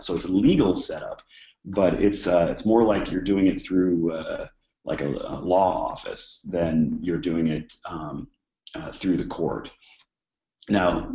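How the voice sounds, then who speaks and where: A man's voice: low-pitched, a little mellow, reverberant, highs cut off. A man with a cold, explaining contract and scheduling points in an informal lecture, with plenty of "uh" and "um" along the way. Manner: conversational, many fillers and restarts. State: hoarse from a cold. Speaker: instructor. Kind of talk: informal exam-prep lecture.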